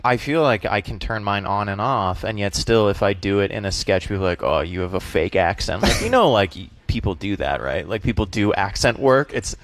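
A man's voice: on the low side, a little fast, hardly any pauses, no room sound. A young male comedian from the Boston area with a light Boston accent, chatting as a guest in an interview and acting out little voices in his stories. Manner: animated, jokey, acts out voices in anecdotes. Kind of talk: casual interview chat.

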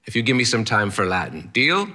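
A man voicing an eccentric old male Latin teacher who speaks in a strange, theatrical way and yells bluntly. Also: lowish voice, big pitch swings, fairly quick, full character voice. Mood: amused.

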